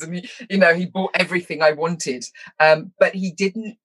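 A middle-aged woman telling stories from her childhood in an interview. She is lively and self-mocking, laughs often, and slips into quick impressions. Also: lowish voice. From London, England. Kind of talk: personal storytelling in conversation.

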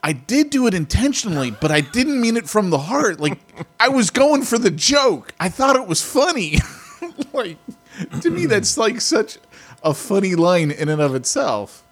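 A man co-hosting a casual podcast. His voice sits a bit high for a man and moves around a lot, and he jokes and chuckles through his lines. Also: sing-song, moderate pace, husky. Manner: jokey, laughs while talking. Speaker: podcast co-host. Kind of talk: casual chat.

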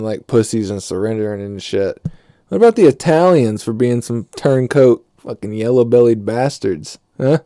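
Slow, low-voiced profane comic rambler. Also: male voice, mellow, no echo, clean studio sound. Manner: profane, riffing, laughs at his own jokes. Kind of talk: rambling comedic monologue.

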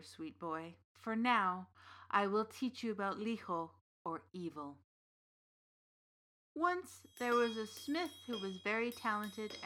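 An old witch telling a dark folktale, measured and deliberate, in a mid-pitched voice, as an actress voices her. Her storytelling is unhurried and knowing. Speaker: narrator. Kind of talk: scripted storytelling narration.

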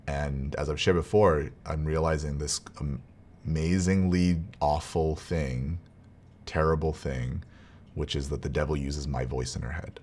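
Man with a very low voice, earnest rambling vlog story, restarts and soft laughs. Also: steady tone, unhurried, slight background noise. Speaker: vlogger, father. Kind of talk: casual personal storytelling.

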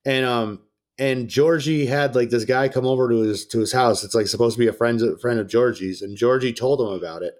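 A man's voice: mid-range voice, fairly quick. A male podcast host in casual chat. He rambles and swears often, piling up fillers as he tells a story with plenty of energy. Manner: rambling, profane, animated storytelling.

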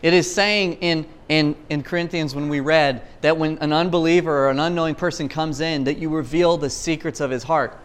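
A man's voice: fairly high pitch, steady tone, fairly quick, hardly any pauses, clean tone. A man preaching casually, retelling a scripture story in loose storytelling talk with slang and frequent restarts. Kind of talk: casual sermon.

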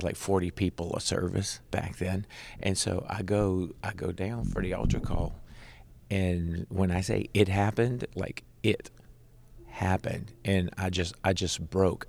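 Deep gravelly man telling his story. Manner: animated, conversational, leans on "right?". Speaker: guest, Christian rock musician. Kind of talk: personal testimony storytelling.

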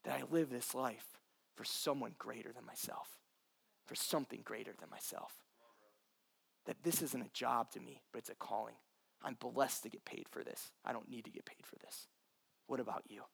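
A man's voice: medium pitch, fairly even intonation, moderate pace, gravelly, fairly bright tone, slightly rough. A man preaching a sermon as pastor, passionate and earnest, addressing listeners directly.

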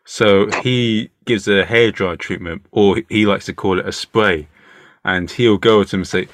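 A man's voice: on the low side, fairly even intonation, unhurried, fairly bright tone, no room sound. A man hosting a podcast interview, asking chatty, stumbling questions. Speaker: podcast host. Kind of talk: casual interview chat.

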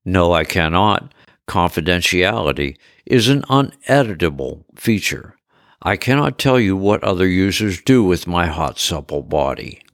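A deep-voiced man doing a chirpy flirty android woman. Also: animated, unhurried, dry recording, clean studio sound. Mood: chirpy flirtatious. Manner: chirpy, suggestive, stiff robotic phrasing. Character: flirty chirpy female android companion, eerily cheerful.

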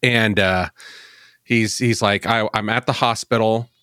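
A man's voice: lowish voice, steady tone, a little slow, pushed and bright, clear, resonant tone, no echo, studio quality. A man co-hosting a faith podcast, retelling a story in a rambling, casual way with many fillers. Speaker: podcast co-host.

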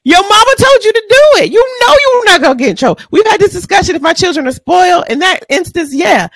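Podcast co-host: a high-pitched woman with a drawl, lively and blunt, sometimes profane, recorded dry. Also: fast talker, dry recording. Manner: blunt, animated, profane ranting. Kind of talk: casual chat.

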